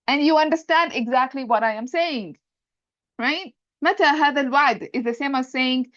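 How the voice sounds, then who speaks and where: A woman's voice: high-pitched, expressive, fairly quick, fairly bright tone, dry recording, lo-fi sound. A woman teaching an Arabic grammar lesson, patiently explaining step by step and often checking with "right?". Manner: patient, repeats points, checks understanding with "right?".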